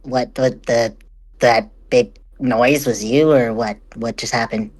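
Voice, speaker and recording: A man's voice: medium pitch, steady tone, slow, a little mellow, voice pushed down, rough recording. A man voicing a flustered young van driver in tabletop role-play, stammering and confused.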